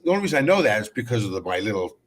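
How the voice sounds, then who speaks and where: A man's voice: lowish voice, sing-song, rapid-fire. Wry, chatty male panelist. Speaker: talk show panelist. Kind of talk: casual round-table chat.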